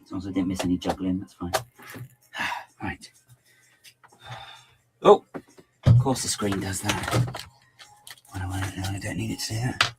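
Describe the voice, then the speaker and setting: Speaking low and unhurried, with long pauses, a man livestreams himself building LEGO over a very noisy recording. He chats casually to his viewers, rambling and muttering to himself with playful asides while his throat bothers him.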